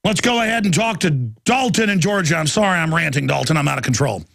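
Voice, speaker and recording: A ranting talk radio host, a man with a high, gravelly, husky voice. He drives hard through a heated monologue. The sound is dry and close. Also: lively intonation, fast talker, no room sound. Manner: ranting, forceful, acts out encounters in put-on voices.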